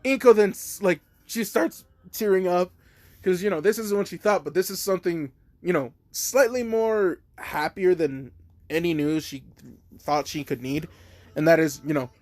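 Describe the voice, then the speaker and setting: A man's voice: sits high, normal speed, darkish tone, no echo. A man casually retelling a fan story, rambling with lots of fillers.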